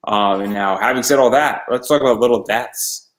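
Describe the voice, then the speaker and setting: A man's voice: mid-range voice, normal speed, low-quality recording. A man from the United States hosting a casual interview, chatty and self-deprecating, often restarting his sentences. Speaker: podcast host.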